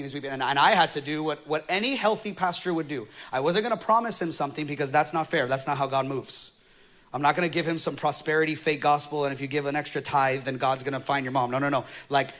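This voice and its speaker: A male pastor telling a story in a sermon, going from quiet storytelling to loud, excited preaching. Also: fairly high pitch.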